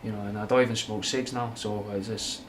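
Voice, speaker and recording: A rambling, down-to-earth young man with a Manchester accent and a touch of Scouse, talking casually and swearing now and then. His voice sits fairly low, and faint ambient noise hums underneath. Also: fairly even intonation, fairly quick. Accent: Mancunian with a slight Scouse twang. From Manchester, England. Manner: rambling, frank and swearing, with British slang. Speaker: livestream host answering chat. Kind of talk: casual livestream chat.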